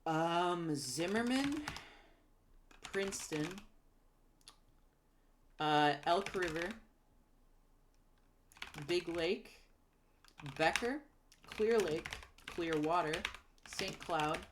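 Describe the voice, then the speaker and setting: A woman recalling and naming towns out loud, hesitant with many ums, correcting herself and apologizing for her pronunciation. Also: lowish voice, lively intonation, extremely slow, long pauses, noisy background. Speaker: geography video creator. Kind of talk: casual recall while typing.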